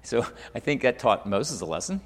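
A middle-aged male pastor preaching a sermon, moving between loud emphasis and hushed asides. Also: medium pitch, big pitch swings, normal speed, slightly rough. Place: church hall. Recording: long hall reverb.

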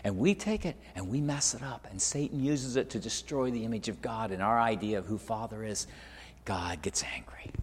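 A man's voice: lowish voice, lively intonation, moderate pace, breathy edge. Man preaching in a reverberant hall. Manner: swings between loud emphatic peaks and hushed near-whispers; repeats words while finding the next thought. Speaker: pastor. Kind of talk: sermon.

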